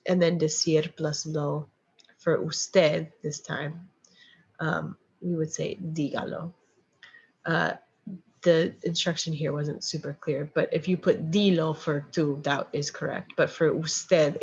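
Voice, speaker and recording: A woman teaches a recorded Spanish lesson, slow and patient, often pausing on "okay" and "um". Her voice is gravelly and a touch husky. The recording is dull and lo-fi. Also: low voice, level tone, darkish tone. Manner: patient, step-by-step explaining with frequent "okay" and "um". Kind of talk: recorded lecture with slides.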